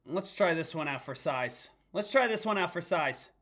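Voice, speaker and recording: Young male trading streamer, high-pitched, energetic, talks to viewers. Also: moderate pace. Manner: energetic, addresses viewers as traders. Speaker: host, stock trader. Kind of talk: live-stream market talk.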